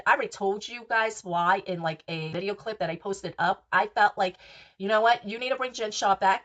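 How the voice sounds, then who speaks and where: A woman with a New York accent hosts her podcast and recaps reality TV casually. She is blunt and gossipy and swears often. Her pitch sits in an ordinary middle range. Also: fairly bright tone. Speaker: podcast host.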